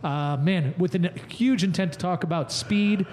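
A man's voice: high voice, unhurried, darkish tone. A man co-hosting a podcast in casual joking banter, teasing and laughing often. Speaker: podcast co-host.

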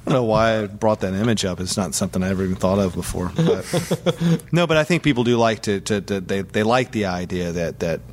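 A man's voice: lowish voice, fairly quick, slight background noise. A man, a guest musician, telling stories in a casual studio interview in a laid-back, profane way. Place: recording studio. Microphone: studio microphone close up.

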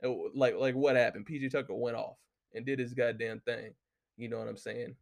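A man's voice: medium pitch, fairly even intonation, a little fast, vocal fry. A man hosting a solo talk show, ranting casually and heatedly with constant swearing and lots of filler words. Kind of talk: casual profane rant.

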